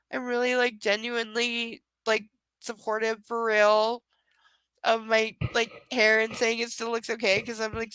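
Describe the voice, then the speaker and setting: A woman's voice: on the high side, sharp tone, smooth, no room sound, poor audio. A young woman with a stuffy, nasal voice, hosting a live book-reading stream. She talks in a tired, rambling, affectionate and self-deprecating way. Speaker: livestream host reading a book aloud. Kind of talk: casual live-stream chat.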